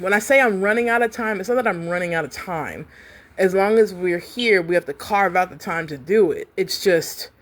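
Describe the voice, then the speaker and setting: A woman and self-published author in casual livestream chat from home, animated and chatty and talking directly to her viewers. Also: on the low side.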